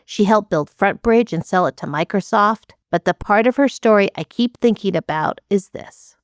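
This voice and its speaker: A woman hosting a podcast, reading scripted introductions of her guests in a measured, reflective way. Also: mid-range voice, no room sound, clean studio sound. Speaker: podcast host.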